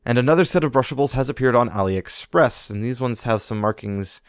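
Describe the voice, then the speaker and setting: A man's voice: medium pitch, a little fast, clean tone, dry recording, studio quality. A man co-hosting a podcast, running through toy news in a casual chat and slipping in puns. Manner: reads news items, jokey puns. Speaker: podcast co-host.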